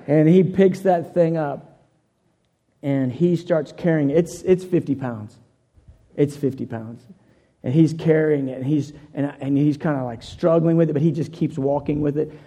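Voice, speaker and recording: A man's voice: on the high side, steady tone, moderate pace, mellow, in a large hall. A man preaching a sermon, telling a personal story in an earnest way, often repeating and restarting phrases.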